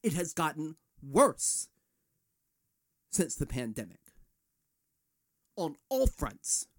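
A man's voice: a little high, very animated, slow. Fired-up, profane male podcast host. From United States. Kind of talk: ranting solo podcast.

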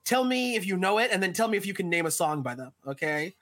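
A man's voice: high voice, sing-song, fast talker, sharp tone. An American man as a podcast guest, rambling in casual chat with a self-mocking tone and many fillers.

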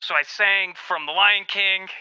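Crude manic caller, played by a man; high and piercingly bright. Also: fairly even intonation, a little slow, clean tone, heavily acted. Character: crude loud-mouthed man named Jack. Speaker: comedy podcast bit character.

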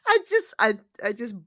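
A woman co-hosting a podcast over a video call, animated and swearing freely. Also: fairly high pitch, no echo, studio quality. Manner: animated, swearing, quick reactions. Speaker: podcast co-host. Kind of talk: casual chat.

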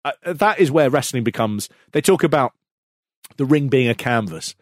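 A man co-hosting a podcast, telling a story in an animated way, laughing and restarting his sentences when he gets excited. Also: medium pitch, normal speed, no room sound, studio quality. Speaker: podcast co-host. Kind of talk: casual storytelling chat.

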